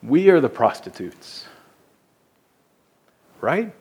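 A man's voice: a little high, big pitch swings, slow, a little mellow, husky. A man preaching a sermon as pastor, earnest and emphatic, often repeating words as he goes.

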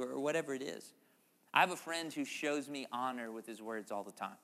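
A man preaching a sermon as a pastor, conversational and animated, with playful asides to the congregation. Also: mid-range voice, brisk, big-room sound.

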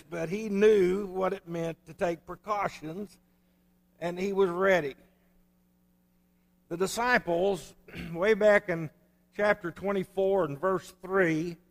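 A male pastor delivers a storytelling sermon in a folksy, easygoing manner. His voice sits notably high for a man. The recording carries the long reverb of a church hall. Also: gravelly. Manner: storytelling preacher, folksy and conversational. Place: church sanctuary.

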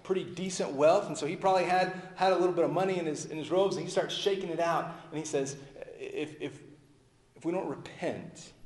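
A male pastor preaching a sermon in a conversational way, dropping low and soft at the ends of phrases. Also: a little fast. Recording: echoey hall with long reverb.

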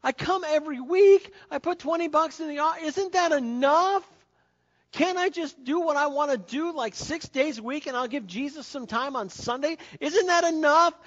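A man's voice: extremely high pitch, moderate pace, muffled recording, voice pushed up. A man playing a whiny excuse-making churchgoer. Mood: defensive. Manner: whiny, rising, pleading questions.

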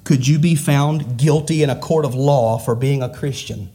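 A middle-aged man preaching a sermon to his church, asking rhetorical questions and rising and falling in pitch. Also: normal speed, warm tone. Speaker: pastor.

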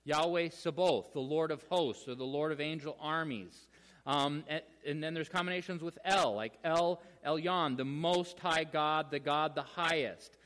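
A man preaching a sermon, teaching in a relaxed conversational way with many fillers and restarts. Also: on the high side, unhurried, long reverb tail. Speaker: pastor.

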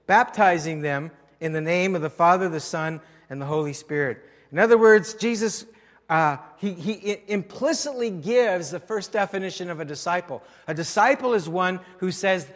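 Man, French Canadian, pastor, sermon, high voice, emphatic, long hall reverb. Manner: emphatic preaching, rising loud for key phrases, then dropping low.

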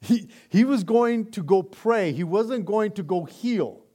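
A man preaching a sermon in a casual, animated way, often repeating himself as he restarts sentences and laughing along. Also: high voice, a little slow. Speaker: pastor.

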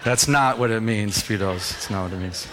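A man preaches a sermon in an animated storytelling manner. He acts out scenes with little sound effects and jumps high in pitch when excited. Then he sinks into a soft, low tone for the gentler parts. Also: moderate pace, background noise. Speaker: pastor.

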